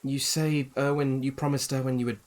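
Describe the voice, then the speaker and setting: A man voicing a weary young woman, the camp leader's daughter, speaking in a slow, measured, hesitant way. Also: medium pitch, level tone, a little mellow, close to an everyday voice.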